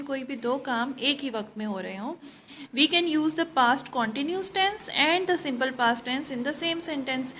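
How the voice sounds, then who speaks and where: A woman teaching a grammar lesson to students, explaining slowly and repeating key words, switching into Hindi now and then. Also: high voice, sharp tone, poor audio.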